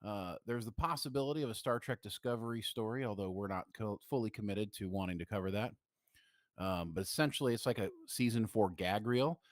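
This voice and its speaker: A man co-hosting a live podcast in casual chat, tired, with a rough morning voice and a quiet desk mic. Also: on the low side, a little fast, no room sound, studio quality. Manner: tired, self-deprecating, animated. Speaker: podcast co-host. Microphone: desk microphone, quiet in the mix.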